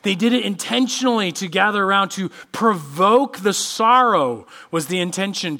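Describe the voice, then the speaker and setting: A man preaching a sermon as pastor, reading scripture and acting out quoted voices with expressive delivery. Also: sits high. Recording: church podcast sermon.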